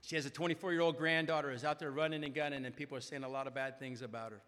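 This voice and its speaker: A man speaking at a recovery meeting, telling a personal story in an animated way and often tagging his sentences with "right?". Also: medium pitch, racing. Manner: animated, keeps asking "right?". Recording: echoey hall reverb.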